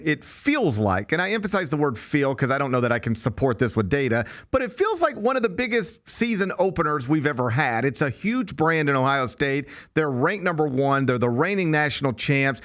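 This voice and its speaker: A man's voice: medium pitch, fairly bright tone. A man hosting a college sports talk show, interviewing a guest and making his case at length. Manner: conversational, argues points at length. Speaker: sports radio host.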